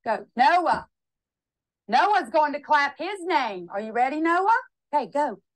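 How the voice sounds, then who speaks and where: A woman's voice: sits high, very animated, slow, no echo. A woman teaching young children in a classroom, encouraging and praising them often.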